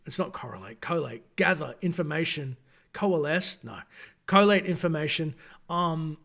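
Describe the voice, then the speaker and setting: A man's voice: a little high, normal speed, creaky, a bit bright. A man hosting a late-night gaming live stream, talking to chat in a rambling, chatty way and correcting himself as he goes, tired at this hour. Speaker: gaming channel host.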